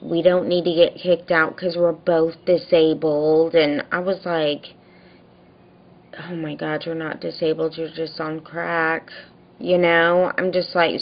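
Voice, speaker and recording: A young woman casually vlogs an exasperated story about her neighbor, sounding tired and worn out. Her voice sits low with the highs cut off, and she retells it animatedly, mocking the people she quotes.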